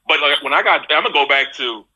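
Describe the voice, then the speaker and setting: A man's voice: on the high side, fast talker, breathy edge, low-quality recording. A middle-aged man chatting as a guest on a live video call, telling stories with laughter. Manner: animated, laughing storyteller. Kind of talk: casual chat.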